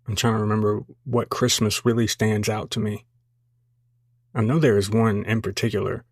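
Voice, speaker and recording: A man in his twenties, a podcast host, casually telling a childhood story in a relaxed, self-deprecating way. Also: on the low side, normal speed, dry recording, clean studio sound.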